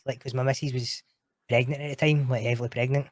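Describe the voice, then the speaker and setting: Scottish guy telling stories on a podcast, swears a lot, gets animated, dry sound. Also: medium pitch, fairly quick, no room sound. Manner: animated, sweary, quotes others in raised voice. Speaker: guest. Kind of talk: casual storytelling chat.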